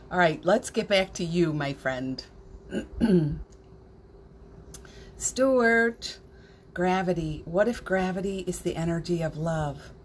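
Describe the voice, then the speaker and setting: A woman's lowish voice leads a casual spiritual livestream in the morning; she reads out comments from viewers and becomes emotional, laughing and nearly crying, over slight background noise.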